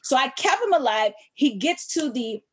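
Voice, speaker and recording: A middle-aged woman on a podcast telling a personal story with fiery, animated delivery. Her voice sits fairly high and swings widely in pitch as she acts out the people she quotes. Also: normal speed, husky. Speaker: podcast guest.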